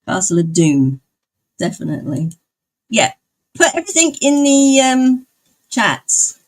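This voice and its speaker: A woman's voice: on the high side, very animated, a little slow. A woman live streamer chatting casually with her viewers, rambling and often laughing. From outside the United States.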